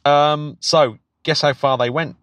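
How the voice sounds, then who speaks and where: A man's voice: on the high side, steady tone, unhurried, a bit bright, dry recording. A British man, a podcast co-host and teacher, chatting casually and eagerly with frequent restarts and laughs. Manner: enthusiastic, stumbling restarts, laughs often. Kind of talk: casual chat.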